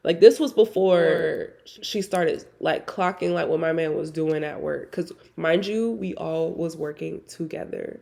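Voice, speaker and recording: A woman's voice: deep voice, unhurried, creaky, hardly any pauses, mellow. A young woman hosting a podcast, telling a personal story in casual, candid talk full of fillers and swearing. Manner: candid, profane, conversational with many "like" fillers. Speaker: podcast host.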